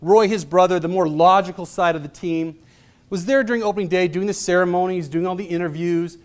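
A man's voice: high-pitched, steady tone, a little fast. A man in his thirties giving a motivational presentation, telling stories in a casual, chatty way and acting out the voices of the people in them. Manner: casual, chatty delivery with fillers. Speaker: motivational speaker. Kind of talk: storytelling presentation.

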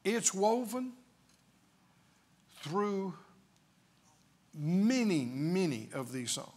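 A man's voice: high-pitched, big pitch swings, very slow, a little mellow. A male preacher delivering a sermon emphatically, full of rhetorical questions.

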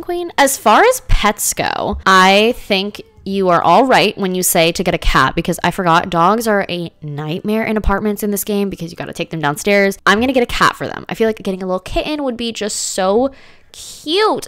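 A woman's voice: medium pitch, a bit bright, no echo. A woman giving casual, dramatic commentary as she plays a life-sim game, full of slangy exclamations. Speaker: gaming let's-play host.

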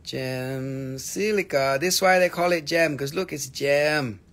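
A man's voice: on the high side, normal speed, a bit bright. A man hosting a live stream crystal sale, with playful salesman patter in a put-on joke voice and some cursing. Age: adult with a daughter.

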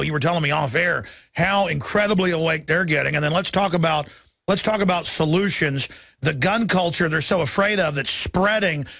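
A middle-aged man hosting a political talk radio show, urgent, rapid-fire and indignant. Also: on the high side, creaky, fairly bright tone, dry recording.

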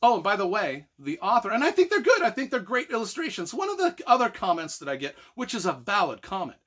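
A man's voice: sits high, sing-song, fast, bright, forceful tone. A middle-aged man, an author reviewing a book on camera, exasperated and profane, stressing his points again and again. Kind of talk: ranting book review video.

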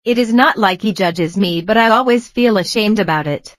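A computer-generated woman's voice reading out a personal vlog in an even, mechanical way. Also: mid-range voice, normal speed, no room sound, poor audio. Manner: evenly read, mechanical delivery. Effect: computer-generated text-to-speech voice. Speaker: vlogger. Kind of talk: text-to-speech narration of a personal vlog.

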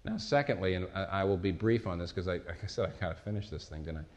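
A pastor with a deep voice preaches fast in a conversational, storytelling style, often restarting his sentences. It's recorded in an echoey hall.

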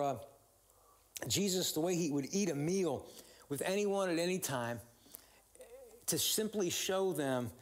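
Male pastor, conversational sermon delivery, informal with fillers. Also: on the high side. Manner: conversational, warm storytelling with many fillers and restarts.

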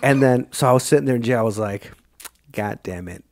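A man's voice: mid-range voice, fairly even intonation, racing, no echo, clean studio sound. A young man hosting a podcast, telling a rambling, profane story in casual chat and quoting himself and others along the way. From Illinois, United States. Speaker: podcast host.

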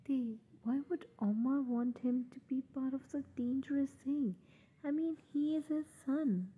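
A woman's voice: high voice, measured pace, husky, phone-quality sound, full character voice. A woman voicing a sassy, defiant young man held captive in a fan audio drama.

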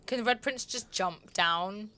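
A woman's voice: medium pitch, a little slow, pushed and bright. A woman co-hosting a let's play, chatting casually and making dry, teasing remarks. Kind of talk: casual gameplay chat.

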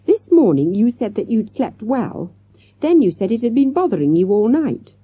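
A woman reading an audiobook, voicing a clever young schoolboy who presses with probing questions, in a high husky voice. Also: big pitch swings, normal speed, dark tone, dry recording. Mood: pressing. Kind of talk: audiobook character voice.

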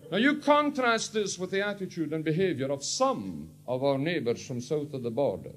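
A Scottish man doing stand-up comedy, mocking and rambling in an animated way. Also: on the high side, normal speed, hardly any pauses.

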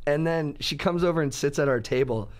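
A man co-hosting a podcast, telling a story in an animated, profane way. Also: on the high side, brisk. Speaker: podcast co-host. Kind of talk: casual podcast chat.

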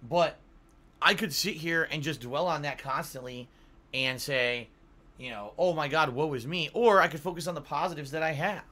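A man's voice: a little high, normal speed, sharp tone. Tired-sounding man chatting on a livestream. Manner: rambling, swears casually, reads donor messages aloud. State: yawning, tired. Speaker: streamer. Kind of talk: casual livestream chat.

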